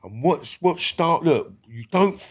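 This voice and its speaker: A man's voice: on the high side, lively intonation, slow pace. An older man, a guest on a podcast, talking bluntly with constant swearing and rambling restarts. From England. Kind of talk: casual interview talk.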